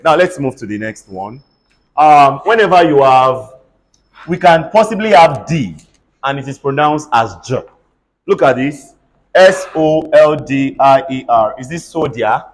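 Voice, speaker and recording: A man's voice: medium pitch, expressive, unhurried. A man teaching a class how to pronounce consonant sounds, spelling words out letter by letter and having the students repeat them. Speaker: pronunciation teacher. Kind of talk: classroom lesson with call-and-response drills.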